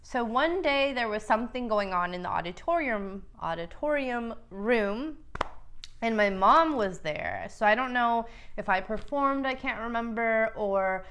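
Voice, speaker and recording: A woman's voice: on the high side, animated, unhurried, fairly bright tone, smooth. A woman hosting a vlog, casually telling a personal story to camera, chatty and earnest, with lots of "like" and mild swearing. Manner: earnest, builds to emotional emphasis.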